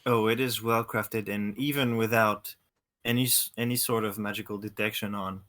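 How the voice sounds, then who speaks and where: A man running a tabletop game as game master, narrating and speaking in character in a measured, formal way. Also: fairly low pitch, steady tone, fairly bright tone.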